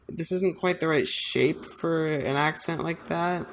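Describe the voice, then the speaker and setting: A man designs on his computer and narrates his work in a casual screen recording, thinking aloud with self-deprecating humor. His voice is a little high and a bit bright, at a measured pace.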